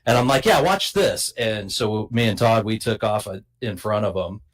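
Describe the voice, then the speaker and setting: Casual co-host man, low voice, unfiltered and jokey. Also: steady tone, moderate pace. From Portland, USA. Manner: blunt, jokey, laughs a lot. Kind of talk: casual chat.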